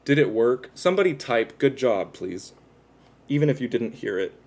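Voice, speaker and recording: A man's voice: mid-range voice, very animated, normal speed, darkish tone. A man chatting casually with his viewers on a livestream, rambling and self-deprecating as he talks while tattooing himself.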